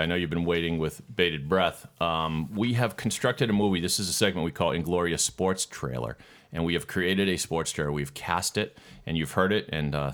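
A man's voice: sits low, a bit bright. A man hosting a casual sports podcast, joking and laughing as he runs the segments. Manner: jokey, laughing, quick asides. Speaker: podcast host. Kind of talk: casual sports podcast chat and trailer narration.

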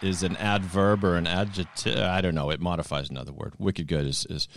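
A man's voice: deep voice, steady tone, brisk, gravelly, a little hiss or hum. A man with a Boston accent hosting a podcast, chatting and running a quiz in a jokey, laughing way. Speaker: podcast host. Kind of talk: casual chat, quiz host.

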